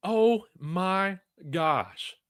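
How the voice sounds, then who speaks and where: A man giving live play-by-play reactions as a fan, reading chat comments aloud and shouting on big plays. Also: high-pitched, animated, extremely slow, clean tone, dry recording, studio quality. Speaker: fan watch-along commentator.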